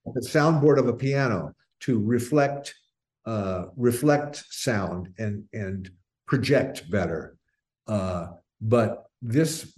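Older male singer, interview guest, rambling storyteller, mid-pitched voice. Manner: rambling, restarts often, animated when telling stories. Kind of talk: casual interview chat.

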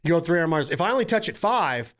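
A man's voice: on the high side, very animated, very fast, fairly bright tone. A man hosting a podcast, talking in casual banter, brash and joking, swearing freely. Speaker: podcast host.

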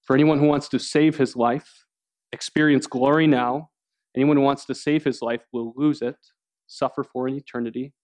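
A man preaching a sermon, earnest and steady, with pauses and restarts as he explains scripture. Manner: earnest preaching, acts out quoted voices with rising pitch. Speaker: pastor.

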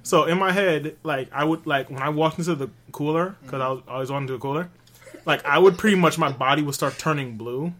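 A man's voice: on the high side, fast, fairly bright tone. A man co-hosting a podcast, rambling through stories with lots of fillers and restarts. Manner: rambling storytelling with many fillers. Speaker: podcast co-host. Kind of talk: casual podcast banter.

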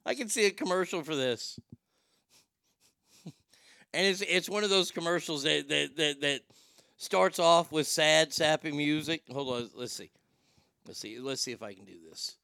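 A man's voice: on the high side, normal speed, vocal fry, long pauses, sharp tone, dry recording, studio quality. A man hosting a comedy podcast, ranting off the cuff in a crude, rambling, self-mocking way. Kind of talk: improvised comedic rant.

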